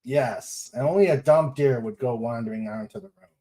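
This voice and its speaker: A man hosting a casual livestream chat, laughing easily and speaking in an unhurried way. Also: mid-range voice, expressive, mellow. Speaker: host.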